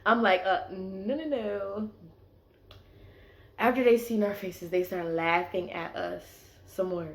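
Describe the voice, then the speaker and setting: This young woman speaks slowly in a mid-range voice with fairly even intonation. She's casually recounting something that happened to her, sprinkling "like" throughout, and the room echoes.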